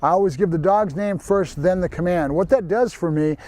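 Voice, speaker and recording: Man, fairly high voice, mellow tone, dog trainer, plain instructive talk to viewers. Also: brisk, dry recording.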